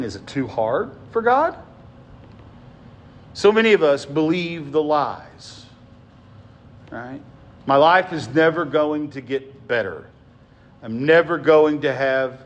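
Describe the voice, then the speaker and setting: A man preaching a sermon as pastor, swinging from emphatic lines to soft, hushed ones and often asking his listeners "right?". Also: on the high side, expressive, slow pace, pauses often.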